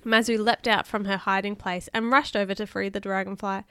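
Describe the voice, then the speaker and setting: Clear-voiced woman reading a storybook aloud. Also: mid-range voice, flat delivery, a little fast, a bit bright. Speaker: podcast host reading children's books. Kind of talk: reading a picture book aloud.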